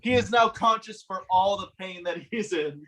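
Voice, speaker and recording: A man's voice: sits high, a bit bright, slight background noise, low-quality recording. A man narrating a tabletop game as game master, in a casual, laughing way. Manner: casual, laughing narration with quick voiced asides.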